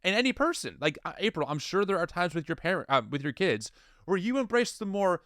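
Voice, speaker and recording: Animated, lively-pitched man co-hosting. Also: a little fast, dry recording, studio quality. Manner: animated, incredulous, restarts often. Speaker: podcast co-host. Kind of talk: casual commentary chat.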